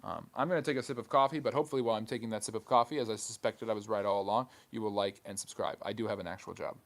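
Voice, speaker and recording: A man hosting a live history stream, reading chat questions aloud and answering with quick, dry jokes. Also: on the low side, fairly even intonation.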